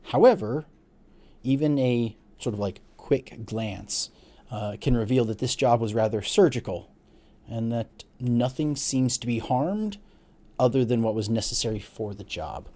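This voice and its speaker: A man narrating a tabletop role-playing game as game master, casual and halting, with many fillers. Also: medium pitch, expressive, warm tone.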